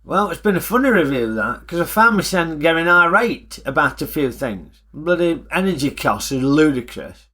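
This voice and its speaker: A middle-aged man with a broad Northern English accent grumbles bluntly through a film review and rants now and then. His voice is high, bright and very lively. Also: normal speed, few pauses. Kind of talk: comic character vlog.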